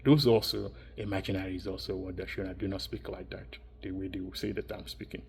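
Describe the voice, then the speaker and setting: A man's voice: low-pitched, fairly even intonation, fast talker, hardly any pauses, darkish tone, breathy edge. A man giving a rambling, insistent monologue, repeating and restarting his phrases as he circles his points. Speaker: vlogger.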